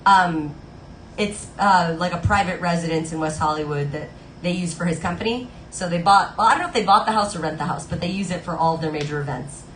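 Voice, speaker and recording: A woman's voice: lowish voice, a little fast, slight background noise. A woman live-streaming at the piano, chatting casually and gushing to her viewers between songs. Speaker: live-stream pianist and singer. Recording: roomy sound with loud piano.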